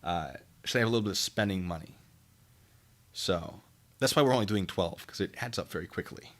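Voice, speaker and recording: A man's voice: sits low, a little fast. A man chatting casually with his stream viewers while packing care kits, joking and teasing himself. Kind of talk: casual live-stream chat.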